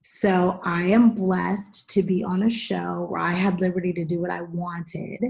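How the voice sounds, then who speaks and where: A middle-aged woman hosting a podcast, telling stories in a casual, animated way and acting out what people said. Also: fairly low pitch, a little slow, gravelly. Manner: animated storyteller, acts out quotes. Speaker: podcast host and actress. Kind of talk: casual chat, storytelling.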